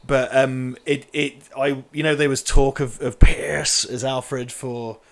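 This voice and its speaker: A man's voice: mid-range voice, level tone, slow, vocal fry. A man chatting casually as podcast co-host, rambling and swearing with plenty of fillers. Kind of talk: casual film commentary chat.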